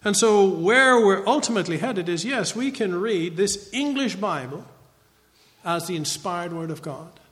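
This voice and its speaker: A man's voice: sits high, lively intonation, measured pace, fairly bright tone, big-room sound. A man giving a conversational Bible teaching lecture, often checking in with a rhetorical "right?".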